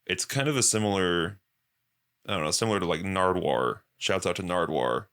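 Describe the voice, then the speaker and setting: A man's voice: deep voice, animated, normal speed, a bit bright. A young man hosting a podcast, chatting casually and profanely and acting out quoted voices. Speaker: podcast host.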